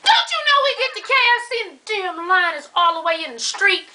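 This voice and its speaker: High, bright-voiced woman ranting. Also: quick pace, slight background noise. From Atlanta, USA. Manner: animated, exasperated, laughing often, cussing. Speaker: vlogger. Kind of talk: casual storytelling rant.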